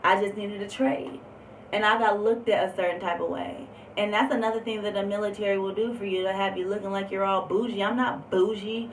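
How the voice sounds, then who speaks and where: A woman's voice: mid-range voice, fairly even intonation, a little fast. A woman telling a personal story on a vlog, candid and emphatic, with lots of fillers. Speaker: vlogger. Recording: roomy echo, distant mic, faint background noise.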